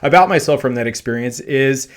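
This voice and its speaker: A man hosting a podcast, telling a personal anecdote in a loose, animated way, full of fillers and self-deprecating laughter. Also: medium pitch, brisk. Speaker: podcast host. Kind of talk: storytelling monologue.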